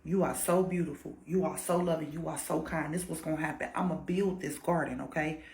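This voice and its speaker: A woman voicing a smooth-talking man who flatters and deceives in a told story. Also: deep voice, fairly quick, pitched below the performer's own voice. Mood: flattering. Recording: roomy echo.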